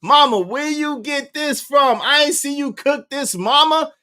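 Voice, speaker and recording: A man's voice: very high-pitched, measured pace, bright, forceful tone, voice pushed up, full character voice. A man imitating a spoiled young boy who whines and complains to his mother, in a mocking voice. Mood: whiny mocking.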